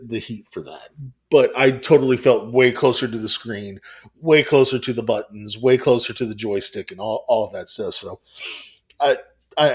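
Casual male podcast co-host in his thirties who rambles, restarts and swears. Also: mid-range voice.

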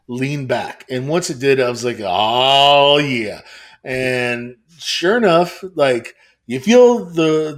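A man in his thirties co-hosting a casual podcast, talking in a rambling way with many restarts and some swearing. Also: medium pitch. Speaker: podcast co-host.

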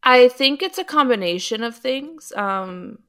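Bright, smooth-voiced woman explaining patiently. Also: on the high side, expressive, unhurried. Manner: patient, explanatory, frequent um fillers. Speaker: podcast co-host. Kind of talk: casual chat.

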